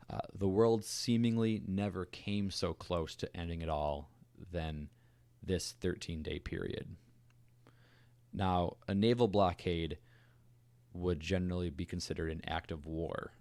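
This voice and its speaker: A very deep-voiced man tells a history story for a podcast, relaxed and chatty with fillers and asides. His voice sits close and dry, with little room sound. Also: no echo. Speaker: podcast co-host. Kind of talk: casual storytelling chat.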